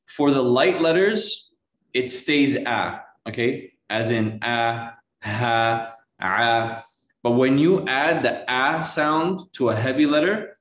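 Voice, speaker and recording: A man teaching Quran reading one-on-one, patiently correcting pronunciation and slowly modeling each sound. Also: medium pitch, fairly bright tone, roomy sound.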